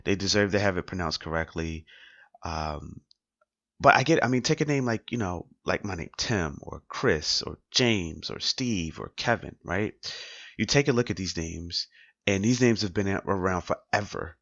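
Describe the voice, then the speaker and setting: A man's voice: low voice, expressive, normal speed, a bit bright, no echo, lo-fi sound. A man hosting a solo podcast, talking casually and repeating his points with rhetorical questions. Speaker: podcast host.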